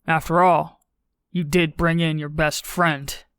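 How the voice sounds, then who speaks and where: A man's voice: on the high side, level tone, slow, a bit bright, smooth, dry recording. A woman voicing a crude, leering male office clerk with a brash, jeering manner in an audiobook.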